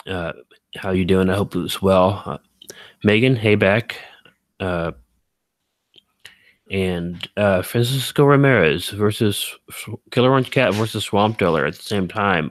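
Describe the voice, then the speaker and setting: Deep-voiced man rambling on a live stream. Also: dry recording. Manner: rambling, full of fillers and self-corrections; self-deprecating, chatty. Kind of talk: casual live-stream chat, reading viewer comments.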